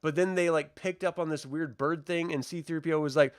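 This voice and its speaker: A man's voice: on the high side, fairly even intonation, fairly quick, dry recording, studio quality. A man co-hosting a podcast, laid-back and joking, laughing often. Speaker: podcast co-host. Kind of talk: casual chat.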